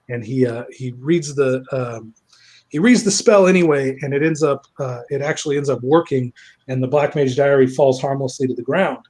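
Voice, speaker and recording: Another man, speaking at normal speed in a husky, darkish mid-range voice, recounts a plot as a reviewer, casual, profane, and meandering, packed with filler words.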